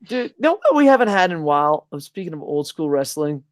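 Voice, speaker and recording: Excitable, profane man on a dry mic. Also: on the high side, fast, no echo. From New Jersey. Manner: profane, excitable, acts out announcers loudly. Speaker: co-host. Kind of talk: casual podcast chat.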